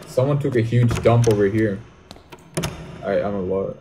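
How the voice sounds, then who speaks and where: A man's voice: lowish voice, moderate pace, background noise. A young man, commenting jokingly on a horror game as he plays and talking back to its characters. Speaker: gaming YouTuber.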